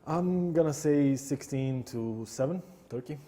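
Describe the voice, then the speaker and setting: A man with a mellow, warm voice giving pre-match esports analysis, hesitant and full of fillers as he weighs up the teams. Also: mid-range voice, measured pace. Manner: hesitant, laughing, many fillers.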